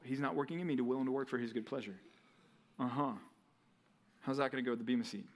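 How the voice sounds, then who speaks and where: A young man preaching a sermon to a college group, with a lively, conversational style full of rhetorical questions. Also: medium pitch, fast talker, long pauses. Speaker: pastor.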